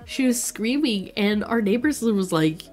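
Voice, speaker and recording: A woman's voice: mid-range voice, lively intonation, measured pace, darkish tone, soft background music. A woman in her twenties chatting casually and bubbly with viewers while streaming a game, laughing often. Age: 20s. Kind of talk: casual livestream chat while playing.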